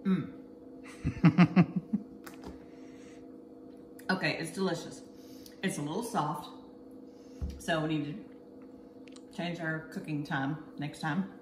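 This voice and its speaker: A woman with a lowish voice runs a casual home cooking demo, chatty and a little bossy as she walks through each step. She is recorded in an echoey kitchen with clear noise in the background. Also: fairly even intonation, slow, long pauses, a little mellow. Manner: chatty and a bit bossy, giving step-by-step instructions. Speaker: cooking show host.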